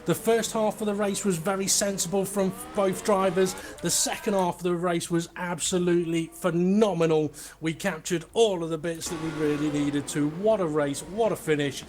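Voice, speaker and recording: A man's voice: high voice, fairly even intonation, normal speed, hardly any pauses, a little mellow. A young man co-commentating a sim race, chatty, joking and enthusiastic.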